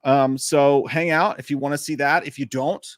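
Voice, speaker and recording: A man's voice: fairly high pitch, fairly even intonation, moderate pace, no echo, clean studio sound. A man co-hosting a casual live stream, rambling through stories with crude, self-mocking jokes. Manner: rambling, chatty storytelling.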